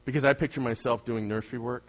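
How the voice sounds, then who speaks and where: A man's voice: mid-range voice, fairly even intonation, quick pace. Emphatic male pastor preaching. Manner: emphatic, asks the crowd questions, swings from loud to soft. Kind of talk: sermon.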